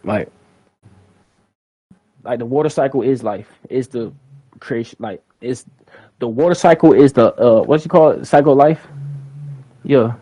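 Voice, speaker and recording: A man's voice: medium pitch, measured pace, pauses often, dark tone, slightly rough, low-quality recording. Rambling young man on a livestream. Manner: rambling and slangy, repeats words, talks to chat. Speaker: livestream host. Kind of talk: casual livestream chat.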